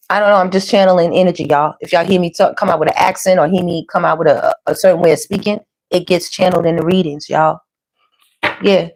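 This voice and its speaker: A woman giving a casual tarot reading, talking to her viewers in a chatty, slangy, animated way. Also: on the low side, fast talker. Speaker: tarot reader.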